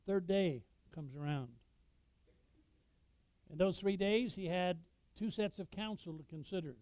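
A man delivers an expository sermon in a mellow voice that sits a little high. He moves between quiet reading and loud bursts of emphasis. The sound is dry and close. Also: unhurried, dry recording, poor audio. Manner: expository preaching, quotes scripture, sudden loud emphasis. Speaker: pastor.

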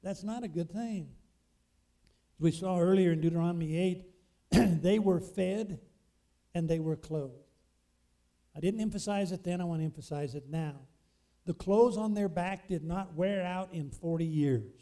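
A man's voice: sits high, normal speed, warm tone. A man preaching a sermon, emphatic and fond of asking his congregation questions.

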